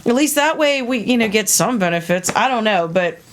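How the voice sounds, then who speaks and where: A woman musician giving a casual interview, speaking bluntly with frequent swearing and sudden jumps into high mocking voices. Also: expressive, a little fast, slight background noise.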